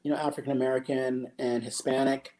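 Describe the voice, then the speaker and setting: Older guest, warm mellow tone, laid-back and reflective. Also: male voice, medium pitch, brisk. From San Jose, California. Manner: relaxed, reflective, with laughs and throat-clearing. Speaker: guest, pro skateboarder. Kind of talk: casual interview storytelling.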